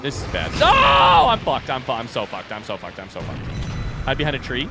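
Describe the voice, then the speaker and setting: A man's voice: fairly low pitch, expressive, fast talker, over loud music. A young man giving casual, joking commentary while playing a video game, talking back to it and swearing. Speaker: gaming streamer.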